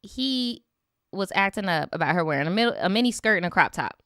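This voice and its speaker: A woman's voice: medium pitch, lively intonation, a little fast, fairly bright tone, no room sound, clean studio sound. A young woman hosting a casual storytime stream, reading viewer updates and reacting with slangy, sarcastic commentary.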